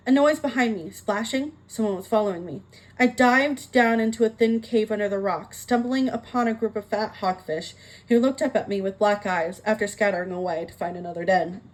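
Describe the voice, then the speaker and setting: Woman audiobook reader, slightly high voice, expressive narration. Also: low-quality recording.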